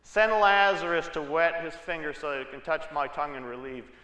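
Bright-voiced male pastor in echoey hall. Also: fairly high pitch, steady tone, fairly quick. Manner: conversational storytelling with asides. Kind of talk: sermon. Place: church sanctuary.

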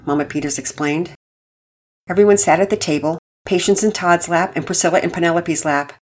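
Husky woman reading a story aloud. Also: lowish voice, brisk. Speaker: narrator. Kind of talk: storybook narration.

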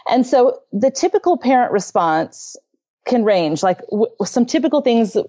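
A woman's voice: a little high, big pitch swings, unhurried, warm tone, muffled recording. A middle-aged woman on a parenting podcast, telling a story from home in an earnest, conversational way, laughing often and acting out quotes. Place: home bedroom.

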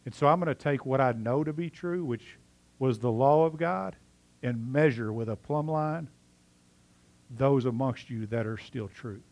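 A male pastor preaching a sermon, telling a story with lively swings between loud animated passages and quiet, earnest asides. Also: medium pitch, measured pace.

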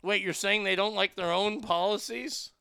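A man with a high, bright voice and a gravelly edge hosts a show, reading stories aloud and tearing into them with crude, profane mockery. His voice is close and dry, with no room around it. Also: fairly even intonation, moderate pace, no echo. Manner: mocking, profane, laughing at what he reads. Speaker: show host. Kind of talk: crude comedic commentary.

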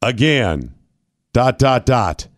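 A man's voice: mid-range voice, sing-song, drawn-out words. A man hosting talk radio, ranting in a mock-dramatic, theatrical way. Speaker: radio host.

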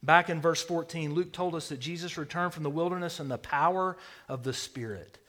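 A man preaching a sermon, swinging between loud declarations and hushed near-whispers. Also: fairly high pitch, fairly quick. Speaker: pastor.

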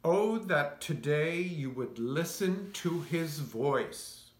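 A man leads the congregation in a unison prayer, reading very slowly and solemnly in a fairly high voice. The church around him rings with echo. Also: expressive. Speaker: worship leader. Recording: echoey church sanctuary.

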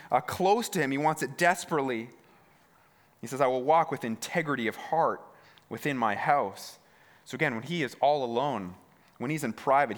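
A long reverb tail follows this pastor's fairly high, fairly bright voice as he preaches in a church hall. He frequently restarts with repeated, stammering words and speaks straight to the congregation with questions.

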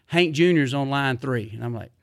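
A middle-aged man, telling rambling stories in a casual, animated way, full of fillers. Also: mid-range voice, moderate pace, dry recording, clean studio sound. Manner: rambling, animated, drawling Southern speech with repeated fillers. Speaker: podcast guest. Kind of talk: casual storytelling.

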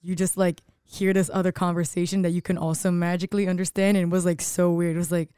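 A woman co-hosting a casual podcast, giggly and animated as she tells stories. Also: on the low side, fast talker, few pauses, clear, resonant tone, no room sound, studio quality.

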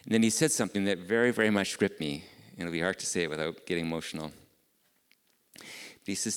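Low-voiced pastor preaching. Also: male voice, steady tone, quick pace, smooth, in a large hall. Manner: earnest, conversational preaching with repeated rhetorical questions. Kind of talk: sermon. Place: church.

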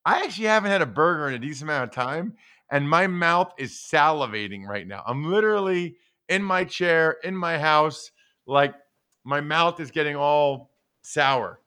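A man's voice: on the high side, lively intonation, moderate pace, pushed and bright, clear, resonant tone. A man co-hosting a sports show from home, rambling enthusiastically with lots of fillers. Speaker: football analyst co-host. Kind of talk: casual chat.

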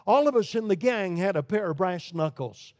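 A man preaching a sermon with emphatic swings between loud declarations and hushed low lines. His voice sits fairly high for a man. The sound is close and dry, with no room around it. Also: expressive, moderate pace, dry recording. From Brooklyn, New York. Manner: emphatic preaching with sharp rises and drops in volume.

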